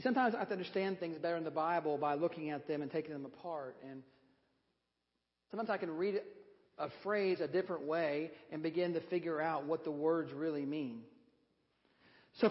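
Guy preaching, high voice, big church echo, kinda muffled sound. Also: fairly quick. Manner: emphatic preaching with a call-and-response, then chatty. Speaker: pastor. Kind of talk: sermon. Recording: dull audio in a reverberant sanctuary.

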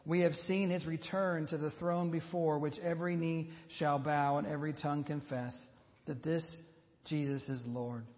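Earnest pastor preaching in a reverberant hall. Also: male voice, on the high side, steady tone. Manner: earnest, measured preaching with slow emphatic pauses. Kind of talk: sermon. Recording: dull lo-fi sound with long reverb.

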